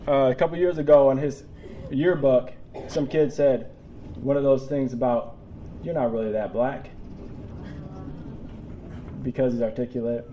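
A man in his forties speaks to a live audience in a room. His voice sits at a medium pitch and carries a lot of emotion. He tears up and laughs between lines, and faint background noise sits under the recording. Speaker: public speaker. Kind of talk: personal talk to a live audience.

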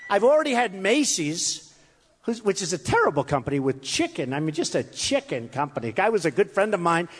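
A very animated man with a high, breathy voice talks fairly fast, giving an improvised campaign speech at a rally that's boastful and rambling, with repeated phrases and mocking quotes of his critics. It's a hot, packed room, and the hall echoes with faint crowd noise.

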